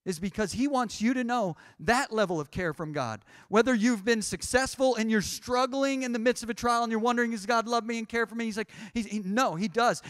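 A pastor delivers a sermon in a notably high voice for a man, close to the mic with almost no room sound. He builds his points through repeated phrases, often restarting a sentence before pushing on. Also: a little fast, hardly any pauses, no echo. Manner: preaching with rising intensity and repeated restarts. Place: church sanctuary.

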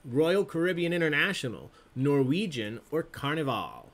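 Playful man hosting trivia, lively pitch. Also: normal speed. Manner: playful, laughs often while reading questions. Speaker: trivia host. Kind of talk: casual live trivia hosting.

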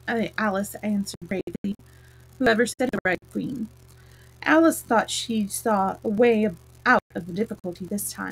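Husky-voiced woman reading a storybook aloud. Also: poor audio. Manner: lively read-aloud, voices the queens higher and louder.

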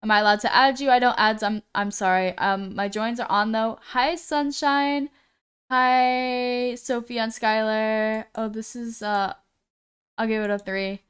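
A woman's voice: a little high, steady tone, unhurried, a bit bright, clear, resonant tone. A woman streaming live, chatting casually as she reads viewers' messages aloud, often stumbling over names and apologizing.

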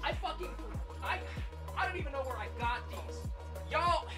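A man's voice: very high-pitched, lively intonation, normal speed, music in the background. A young man chatting casually on a live stream, upbeat and chatty, swearing freely. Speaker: livestreamer.

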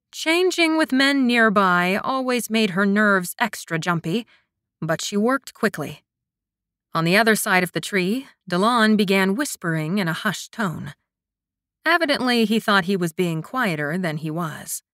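A woman narrating a romance audiobook in a soft, intimate storytelling manner. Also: medium pitch, expressive, unhurried, dry recording, studio quality. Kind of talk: scripted narration.

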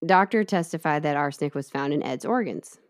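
A woman with a notably low voice retells a criminal trial step by step for her co-host. She is chatty and easygoing, with plenty of asides. The delivery is casual storytelling rather than a read script. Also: animated, brisk. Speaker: podcast co-host telling the case. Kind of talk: casual true-crime storytelling.

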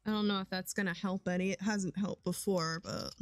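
Young woman streamer, casual game commentary, excitable, faint music behind, dry. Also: medium pitch, brisk, dry recording. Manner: excitable, squeals and laughs often, chatty.

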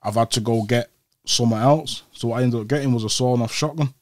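A man's voice: medium pitch, quick pace, no echo. Man telling a story in street slang. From Old Trafford, Manchester, England. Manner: street slang, animated retelling. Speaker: interview guest. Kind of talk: casual storytelling.

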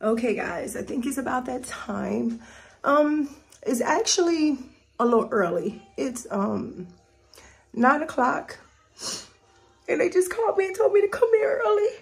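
A woman's voice: sits high, big pitch swings, measured pace, vocal fry, poor audio. A woman vlogging in a candid, heartfelt way from home. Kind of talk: casual vlog chat. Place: indoors at home.

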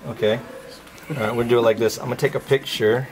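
Man, calm patient instructions, quick pace, faint background hum. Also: mid-range voice. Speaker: guest showing a gadget. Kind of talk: casual demonstration.

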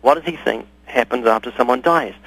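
A man's voice: mid-range voice, brisk, fairly bright tone, husky, no echo, rough recording. A man speaking as a guest on a radio interview, explaining his views by telling stories and acting out both sides of conversations. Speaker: guest evangelist. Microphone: studio or phone radio interview.

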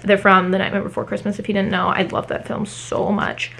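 A woman chatting casually at home in a haul vlog, talking fast with many fillers. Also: medium pitch, flat delivery, vocal fry, fairly bright tone. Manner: chatty, fillers every few words. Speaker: book vlogger.

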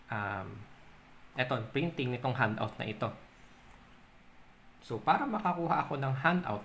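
A young Filipino man with a Filipino accent, teaching an accounting lesson on video. He reads definitions, then explains them with simple examples and pauses with "um.". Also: mid-range voice, fairly bright tone, a little hiss or hum. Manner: explains in mixed Tagalog and English, reading definitions then giving examples; stretches out key terms, pausing with "um". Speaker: accounting tutor.

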